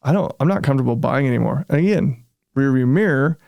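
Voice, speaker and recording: A man, a real estate developer being interviewed, telling his story in a casual, animated way and often acting out what he said at the time. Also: medium pitch, fast talker, vocal fry, dry recording. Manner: animated, reenacts his own past remarks, frequent fillers.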